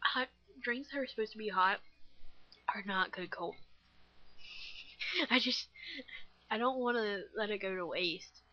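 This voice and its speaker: A woman's voice: medium pitch, measured pace, long pauses, pushed and bright, dull audio. A nineteen-year-old woman chatting casually while playing a game, rambling with many fillers and self-deprecating giggles. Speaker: gaming vlogger. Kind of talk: casual gameplay commentary.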